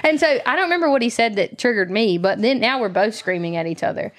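A woman musician on a casual podcast, telling a story with loud acted-out quotes and lively swearing. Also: mid-range voice, a little fast.

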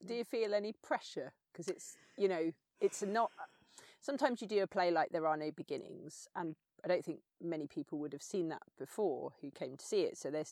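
A woman's voice: fairly low pitch, a little fast, darkish tone, no echo, studio quality. A woman hosting an interview, asking long, thoughtful questions. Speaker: podcast host, interviewer. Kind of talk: conversational interviewing.

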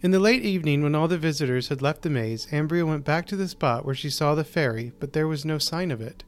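A man hosting and narrating a short story, reading in a measured, deliberate way with slowed pauses. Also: fairly high pitch. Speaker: host and narrator.

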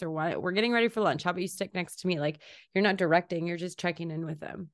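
A woman's voice: fairly low pitch, fast talker, no room sound, clean studio sound. A woman, a parent, chatting casually and asking about her toddler's play, acting out family moments as she talks. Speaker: podcast host, parent. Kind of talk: casual chat.

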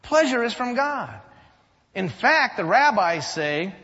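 A man preaching a sermon, animated and emphatic, telling stories as he teaches. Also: extremely high pitch, takes it slowly. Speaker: pastor. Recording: dull recording with long hall reverb.

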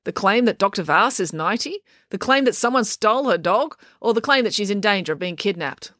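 A matter-of-fact boy explains things plainly and calmly, as a woman storyteller voices him. The pitch moves a lot, and the sound is dry. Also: a little fast, no echo, lightly acted.

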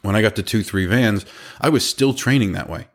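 Brief: lowish man in his thirties, casual animated storyteller, quotes people as he goes. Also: a little fast. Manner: animated, quotes people in their own voices. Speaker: business owner telling a story.

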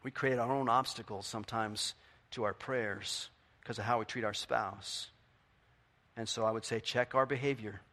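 A middle-aged man preaching a sermon in a conversational way, asking the congregation questions and swinging from quiet to loud. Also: medium pitch, fairly even intonation, normal speed. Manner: conversational, asks the audience questions. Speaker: pastor.

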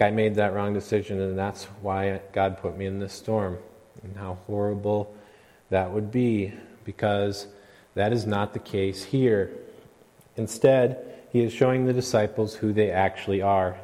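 A man preaching a sermon in an earnest way, at times rising into a loud, dramatic retelling. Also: fairly low pitch. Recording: long hall reverb.

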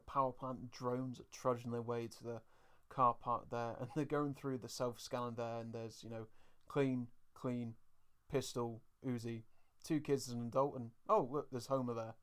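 A man hosts a relaxed podcast chat. He recaps scenes in a loose, chatty way and laughs often. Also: mid-range voice, normal speed. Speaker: podcast co-host.

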